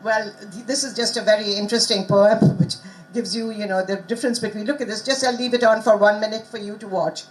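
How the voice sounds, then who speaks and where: A woman giving a lecture at a conference, lively and teasing, often asking her listeners questions. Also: mid-range voice, a little fast, a little hiss or hum, low-quality recording. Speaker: conference speaker. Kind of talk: lecture to students. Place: conference hall.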